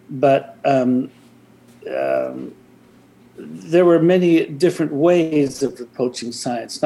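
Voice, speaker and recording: Gravelly older man telling stories. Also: mid-range voice, warm tone. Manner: hesitant, many restarts and fillers. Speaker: interview guest. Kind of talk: reflective storytelling.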